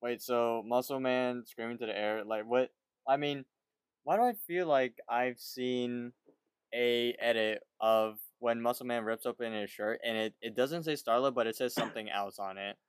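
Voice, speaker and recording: Smooth-voiced man co-hosting a podcast, dry sound. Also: mid-range voice, moderate pace, no room sound. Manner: relaxed, short reactions and questions. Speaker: podcast co-host. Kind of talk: casual cartoon recap chat.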